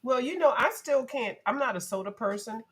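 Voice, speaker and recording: A woman co-hosting a livestream in casual chat, animated, breaking into high put-on voices when she retells old ads. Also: normal speed, slightly rough. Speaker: livestream co-host.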